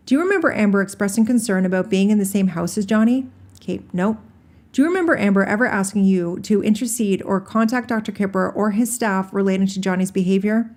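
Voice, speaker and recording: A woman reading a deposition transcript aloud, naming each speaker before their lines in a plain, measured way. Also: medium pitch, a little mellow. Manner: announces speaker names before each quoted answer. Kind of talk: solo reading of transcript, all parts.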